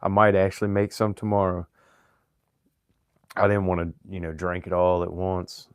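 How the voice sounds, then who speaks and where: A man from Virginia with a light Southern accent, chatting casually with viewers on his livestream in a relaxed, halting way, often restarting and clearing his throat. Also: deep voice, no room sound, clean studio sound. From Virginia, USA. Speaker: livestream host.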